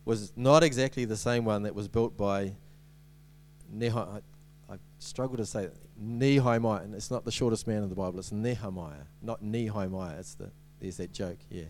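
A man's voice: fairly low pitch, normal speed, darkish tone, a little hiss or hum. A man giving a sermon as a preacher, in a conversational way with many ums and restarts and light humorous asides.

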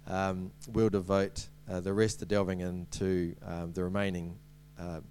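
A man's voice: low voice, flat delivery, measured pace, darkish tone, faint music behind. A man giving a sermon as a preacher, in a conversational way with many ums and restarts and light humorous asides.

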